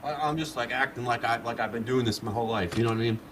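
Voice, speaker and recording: A man's voice: mid-range voice, racing, background noise. A man guest on a live show telling a long story in a casual, rambling way, with many fillers and laughs, talking through a mask. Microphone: wearing a mask.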